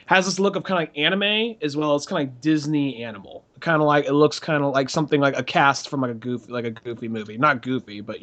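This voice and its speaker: A man co-hosting a podcast, talking casually and haltingly, restarting his words. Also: mid-range voice, fairly bright tone. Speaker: podcast co-host. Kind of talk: casual chat. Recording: muffled lo-fi recording.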